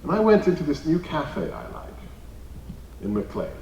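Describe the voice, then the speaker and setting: A man speaks to a crowded room, his pitch swinging widely as he tells emphatic, jokey stories. He sits a bit back from the microphone, and the hall's echo hangs on his words over a faint hum of ambience. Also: normal speed, vocal fry. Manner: animated, emphatic, jokey anecdotes. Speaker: guest speaker at a party meeting. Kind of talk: rally speech with storytelling. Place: meeting hall. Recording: roomy hall, distant mic.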